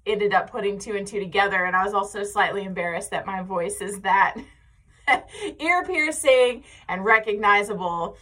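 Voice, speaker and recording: A woman's voice: medium pitch, moderate pace, sharp tone. An American woman in her thirties hosting a podcast in casual, chatty talk and laughing often. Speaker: podcast host. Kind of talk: casual chat.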